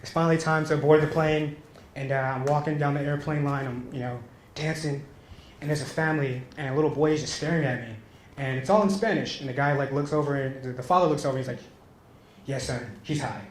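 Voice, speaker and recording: A man tells a story during his stand-up set, chuckling at his own lines. His voice sits a little high. The room is echoey, with a faint hiss underneath. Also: fairly even intonation, quick pace. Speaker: stand-up comedian. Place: small comedy venue stage.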